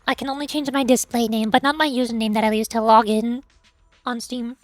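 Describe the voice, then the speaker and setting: A woman streamer with a high, bright voice chats casually and teases her viewers with mock outrage. She sounds excitable and playful. The sound is dry and close, with faint music behind her. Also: a little fast, no room sound. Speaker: livestream host.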